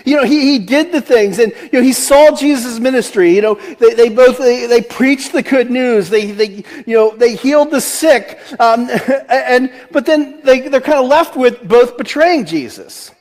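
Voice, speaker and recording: Man, forties, delaware accent, high voice, laid-back sermon with chuckles and fillers. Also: moderate pace, hardly any pauses, darkish tone. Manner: chatty, laughs often, many restarts and fillers. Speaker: pastor. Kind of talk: conversational sermon.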